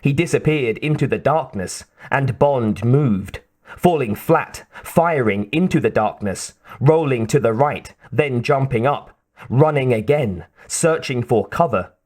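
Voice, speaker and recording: A man reading an audiobook in a slow, measured narration. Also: mid-range voice, lively intonation, darkish tone.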